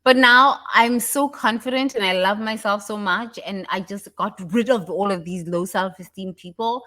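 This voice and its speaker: A woman giving a casual motivational talk, animated and laughing often, breaking into mocking impressions. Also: normal speed. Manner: animated, laughs often, mimics others in high voices. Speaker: self-help speaker.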